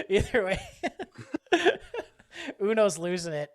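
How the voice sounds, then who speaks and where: A man's voice: high-pitched, big pitch swings, takes it slowly. Laughing podcast co-host man. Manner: laughs often, acts out quotes from the skit. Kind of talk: casual chat, recapping a comedy skit.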